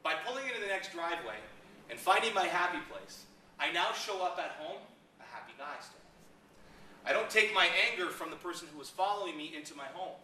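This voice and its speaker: A middle-aged man speaking at a seminar, lively and acting out little scenes as he makes his points. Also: high-pitched, fairly quick, slight background noise. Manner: animated, acts out little scenes in raised voices. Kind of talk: motivational seminar talk. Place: seminar room. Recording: echoey room, mic from a distance.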